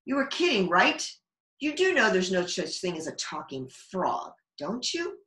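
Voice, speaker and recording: A woman's voice: mid-range voice, very animated, measured pace, a bit bright. A woman voicing a skeptical, bossy young girl in a storybook reading. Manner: skeptical, pleading. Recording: echoey room.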